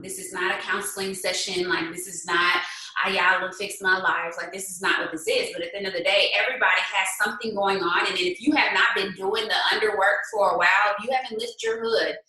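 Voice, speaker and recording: A woman with a bright, forceful voice coaches her sales team, pushing them with question after question in a lively, chatty flow. She sounds distant from the mic in a very echoey room. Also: medium pitch. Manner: animated, rhetorical questions, conversational. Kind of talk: motivational team talk.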